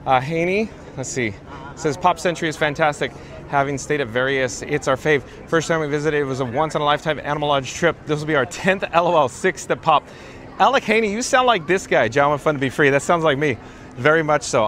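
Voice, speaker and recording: A man's voice: a little high, fairly bright tone. A man hosting a live-streamed walking tour outdoors in a theme park, chatting and reading viewer comments aloud, recorded on a handheld mic while walking.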